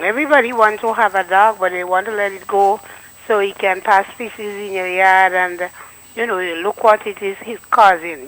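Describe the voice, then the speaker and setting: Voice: mid-range voice, fairly bright tone. A caller phoning in to a radio show and giving earnest advice to listeners. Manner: earnest, advising. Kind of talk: call-in comment. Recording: tinny phone line.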